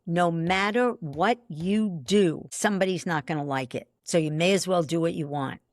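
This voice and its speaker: A woman's voice: lowish voice, no room sound, clean studio sound. An older woman guest on a podcast, telling stories emphatically and acting out the dialogue. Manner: emphatic, acts out dialogue, quick asides. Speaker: podcast guest, belief expert. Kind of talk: animated storytelling in conversation.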